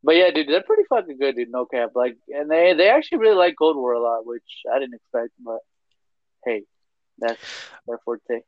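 A man's voice: medium pitch, big pitch swings, fairly quick, no echo, highs cut off. A young man chatting casually, rambling and swearing heavily with lots of fillers. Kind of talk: casual podcast chat.

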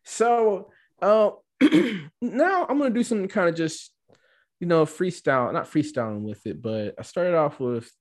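A man's voice: a little high, expressive, moderate pace. A man co-hosting a podcast, chatting casually and rambling with frequent "right?" asides. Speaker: podcast co-host. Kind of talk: casual chat.

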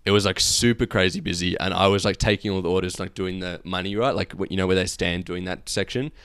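A man's voice: sits low, fast talker, fairly bright tone, smooth, no room sound, clean studio sound. A young man co-hosting a casual podcast, telling self-mocking stories. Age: young adult. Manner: storytelling, self-mocking, laughs often. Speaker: podcast co-host. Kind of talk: casual chat.

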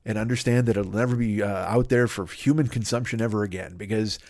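A man's voice: fairly low pitch, fast talker, darkish tone, no echo, clean studio sound. A man hosting a podcast, delivering a comedic solo monologue as a profane, rambling rant full of tangents. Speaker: podcast host.

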